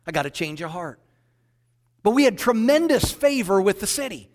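Man, pastor, sermon storytelling, slightly high voice, echoing hall. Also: moderate pace. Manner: animated storyteller, quoting others in dialogue.

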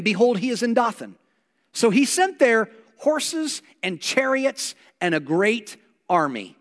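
A man preaching a sermon as a pastor, telling a Bible story with animated delivery and acting out the lines of its characters. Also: high voice. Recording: long reverb of a large hall.

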